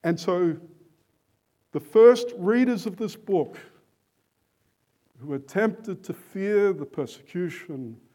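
Slow, emphatic male preacher. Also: sits high, animated, dark tone. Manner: emphatic, rhetorical questions, slow deliberate stresses. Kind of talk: sermon.

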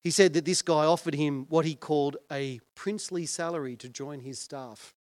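Earnest pastor, dry close sound. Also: male voice, fairly high pitch, steady tone, moderate pace, no room sound. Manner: earnest, conversational, asks questions of the congregation. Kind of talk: sermon.

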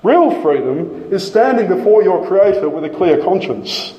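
A middle-aged man preaching a sermon, emphatic, slowing down and repeating his key phrases. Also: high-pitched, big pitch swings, muffled recording. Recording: echoey hall from a distance.

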